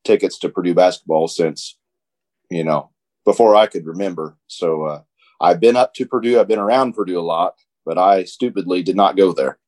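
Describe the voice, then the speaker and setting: A man from Indiana chatting as a guest, halting and self-deprecating about his past. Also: low-pitched, a little mellow. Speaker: podcast guest. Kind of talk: casual chat.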